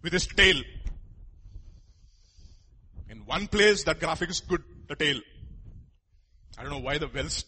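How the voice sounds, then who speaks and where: Male preacher, bright and breathy tone, emphatic sermon style with rhetorical asides. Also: fairly high pitch, lively intonation, measured pace, long pauses. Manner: joking with the congregation.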